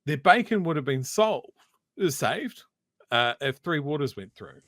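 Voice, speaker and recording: A man's voice: fairly high pitch, sing-song, measured pace, fairly bright tone, no room sound, studio quality. A man with a New Zealand accent, co-hosting a casual political commentary show, emphatic and argumentative. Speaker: co-host.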